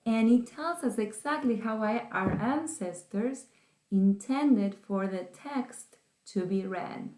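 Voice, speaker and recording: A woman teacher explaining an online lesson slowly and carefully, with pauses. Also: on the high side, dark tone. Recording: roomy echo.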